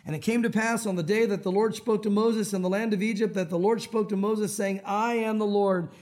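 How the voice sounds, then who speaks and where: High-voiced animated male preacher. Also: a little fast. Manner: conversational, animated preaching with acted quotes. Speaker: pastor. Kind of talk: sermon.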